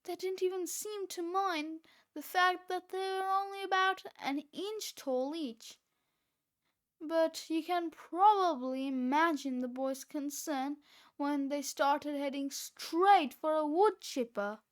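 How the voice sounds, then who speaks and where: Woman narrator for a kids' storybook, high voice, unhurried. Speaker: children's book reader. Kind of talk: read-aloud storybook narration.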